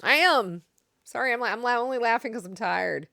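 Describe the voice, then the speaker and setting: Gravelly-voiced woman chatting on a livestream. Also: on the high side, fairly quick, sharp tone, no echo, studio quality. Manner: chatty, reads and answers chat, laughs often. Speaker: streamer. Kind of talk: casual live-stream chat.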